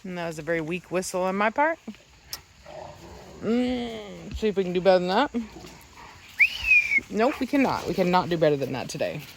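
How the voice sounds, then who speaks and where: A woman vlogging casually in a rural yard, chatting to the camera and breaking off to shout sharp commands at her dogs. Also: lowish voice, expressive, fast talker, long pauses, background noise. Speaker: dog breeder and vlogger. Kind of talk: casual vlog narration.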